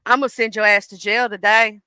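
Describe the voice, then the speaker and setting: A woman's voice: high-pitched, moderate pace, bright, forceful tone, smooth, no room sound. Anger as a brawling woman, put on by a woman. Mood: threatening. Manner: menacing, profane trash talk. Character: furious female Anger, itching to fight.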